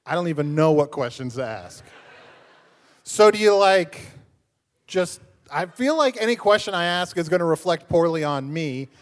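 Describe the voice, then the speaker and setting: A man's voice: a little high, lively intonation, normal speed, big-room sound, close to an everyday voice. An actor playing a wry, bemused tavern regular who teases his friend in live improv comedy. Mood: teasing. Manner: dry, bemused, teasing.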